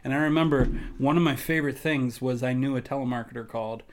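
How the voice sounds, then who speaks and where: A man co-hosting a podcast, telling funny stories in casual, animated chat. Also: mid-range voice, quick pace. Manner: laughing, animated storyteller.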